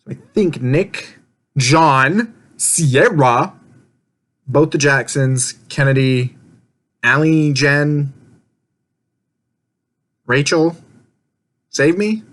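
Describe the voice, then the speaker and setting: A man's voice: on the high side, extremely slow, long pauses, a bit bright. Rambling, laughing young man. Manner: rambling, laughs often, swears casually, acts out quotes. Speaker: vlogger recapping an online game. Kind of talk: casual rambling recap.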